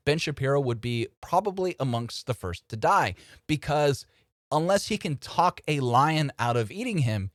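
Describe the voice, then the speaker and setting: Man host, lively up-and-down delivery, casual commentary, dry close sound. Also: mid-range voice, dry recording. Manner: animated and conversational, addressing viewers as folks. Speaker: host of a political commentary channel.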